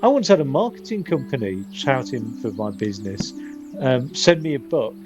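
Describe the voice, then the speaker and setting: A man's voice: mid-range voice, sing-song, moderate pace, over music. A man rambling in casual gameplay commentary, often stopping and restarting his sentences. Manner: rambling, self-interrupting chatter. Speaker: streamer.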